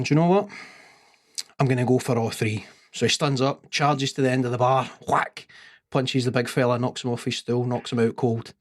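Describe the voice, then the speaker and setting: A man, co-hosting a sports podcast and telling a long pub joke in an unhurried, deadpan way. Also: medium pitch, no echo, clean studio sound. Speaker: podcast co-host.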